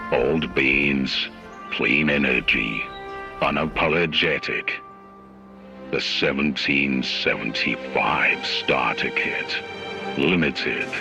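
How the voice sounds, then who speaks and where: A man using an AI voice changer to voice a grand American presidential announcer in a spoof coffee advert. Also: full character voice. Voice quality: very deep and gravelly. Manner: slow, grand ad delivery. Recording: music bed under voice.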